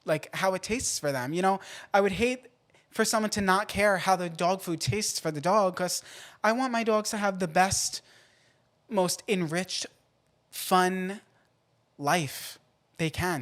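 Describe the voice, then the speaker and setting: A man hosting a podcast in a casual, playful way, swinging between loud outbursts and quiet asides. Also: high voice. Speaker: podcast host.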